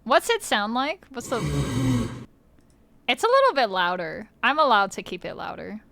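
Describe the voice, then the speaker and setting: A woman's voice: a little high, huge pitch swings, normal speed, vocal fry, sharp tone, no echo. A woman streamer in casual livestream chat, playful, swearing freely and laughing often, on a close mic.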